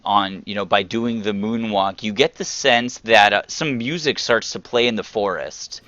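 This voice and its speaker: A man narrating as dungeon master, halting and full of ums as he describes the scene. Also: fairly low pitch, sharp tone, dry recording. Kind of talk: narrating a tabletop game. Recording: dull lo-fi sound.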